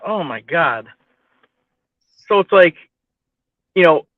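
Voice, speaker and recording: A man's voice: a little high, animated, slow pace, pauses often, no echo. A man hosting a casual stream chat, easygoing and rambling, laughing often. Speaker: host. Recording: dry, phone-like audio.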